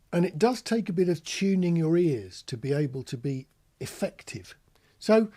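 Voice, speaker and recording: A man hosting an informal instructional talk on radio use, explaining in a lively, conversational way. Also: a little high, slightly rough.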